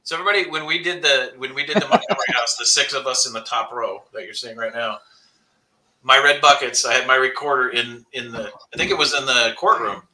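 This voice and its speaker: Blunt, bright-voiced man telling stories. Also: mid-range voice, fairly quick, a little hiss or hum, rough recording. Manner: blunt storyteller, swears freely. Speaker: paranormal investigator. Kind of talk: casual panel chat on a video call.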